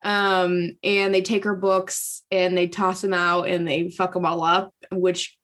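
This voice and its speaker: A woman's voice: lowish voice, flat delivery, unhurried, a bit bright. A woman recapping a book in casual chat. She talks in a loose, sarcastic way, full of fillers and asides. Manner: chatty, sarcastic, lots of "like" and "um". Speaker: podcast host.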